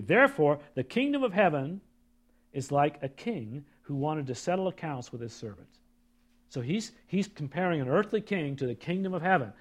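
A man preaching a sermon, reading scripture aloud and breaking off for asides to the congregation, swinging from loud, emphatic reading to low, quiet remarks. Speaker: pastor.

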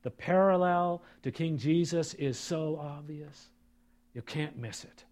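A man gives a sermon as pastor, shifting from emphatic, loud readings of scripture to low-voiced remarks aimed at his congregation, all at a slow pace.

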